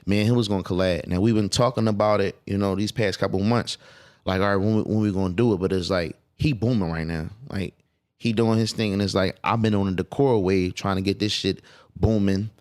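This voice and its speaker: A man's voice: on the low side, steady tone, a little fast, darkish tone. A man talking as a guest on a podcast, casual and emphatic, with profane streetwise phrasing. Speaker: clothing designer guest.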